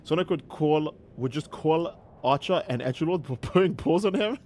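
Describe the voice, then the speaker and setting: Animated, profane man streaming a game. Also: fairly high pitch, normal speed, a little hiss or hum. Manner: animated, profane, exasperated ranting. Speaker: livestream gamer host. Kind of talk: casual livestream chat.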